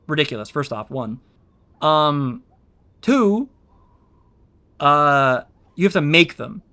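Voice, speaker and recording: A man's voice: a little high, big pitch swings, takes it slowly, sharp tone. A man chatting casually on his stream as a VTuber, rambling and explaining things with plenty of ums and restarts. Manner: rambling, explains with many fillers. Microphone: own streaming mic.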